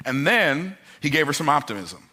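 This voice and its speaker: A man's voice: on the high side, very animated, moderate pace, sharp tone. A man giving a motivational talk, emphatic and joking, repeating his key phrases for effect. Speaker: motivational speaker.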